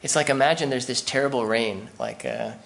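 A man's voice: medium pitch, a little fast, vocal fry, a bit bright. A man preaching a sermon in a conversational way, acting out the voices of the people he quotes. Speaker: pastor.

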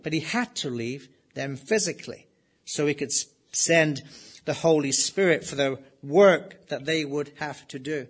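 A middle-aged male pastor delivering an expository sermon. His voice sits a little high for a man, and he moves between easy, conversational explanation and emphatic readings of scripture. He often poses rhetorical questions and then answers them himself. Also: measured pace, husky.

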